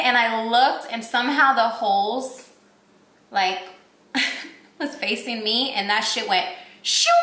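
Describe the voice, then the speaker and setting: A woman's voice: medium pitch, sharp tone. A young woman from Puerto Rico telling a rambling, gushing story while doing her makeup, with "like" in every sentence. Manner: gushing, rambling, heavy use of "like". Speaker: beauty vlogger. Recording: echoey room.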